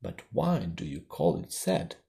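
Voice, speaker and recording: An eager, polite little storybook girl, spoken slowly and with a lively, rising lilt, as a man reads her. The voice stays dark and a little gravelly under the girlish sweetness. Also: deep voice, pitched below the performer's own voice, full character voice. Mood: puzzled.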